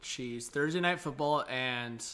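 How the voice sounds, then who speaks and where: A man's voice: mid-range voice, unhurried, sharp tone, clear, resonant tone. A young man hosting a live hockey reaction stream, chatting casually and reading viewer messages aloud.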